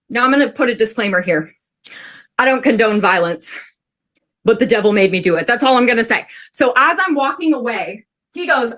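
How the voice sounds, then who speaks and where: Woman, from the Pacific Northwest, class storytelling, chatty, says "like" a lot, lively rise and fall. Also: on the high side, moderate pace, long pauses. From Pacific Northwest, USA. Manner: animated, chatty, frequent "like". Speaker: student storyteller.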